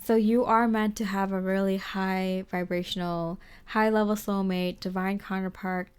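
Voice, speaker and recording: A woman giving a tarot reading to the viewer, gentle and reassuring, rambling with lots of fillers. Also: medium pitch, little pitch movement, moderate pace, clear, resonant tone. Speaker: tarot reader. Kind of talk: casual spoken tarot reading.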